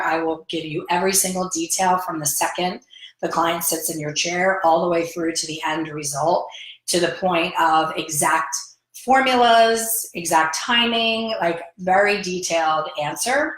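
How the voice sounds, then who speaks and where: A woman's voice: on the low side, a bit bright, roomy sound, rough recording. A woman in her fifties, a hair color educator, chatting casually and telling stories with quoted dialogue. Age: 50s. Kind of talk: casual vlog chat.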